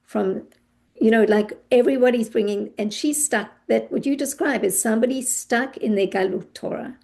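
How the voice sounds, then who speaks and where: Gravelly-voiced woman teacher. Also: a little high, moderate pace, warm tone. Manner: thoughtful, searching for words with restarts. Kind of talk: class discussion.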